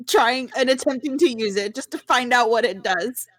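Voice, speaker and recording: A woman's voice: fairly high pitch, normal speed, a bit bright. A woman playing a tabletop game, eager and curious. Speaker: player. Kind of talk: casual tabletop play.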